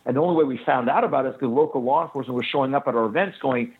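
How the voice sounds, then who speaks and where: A man telling a detailed story in a fast, urgent way as a guest in an interview. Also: mid-range voice, gravelly, slightly rough. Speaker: guest recounting an incident. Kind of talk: phone-in interview account. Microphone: telephone. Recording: tinny phone line.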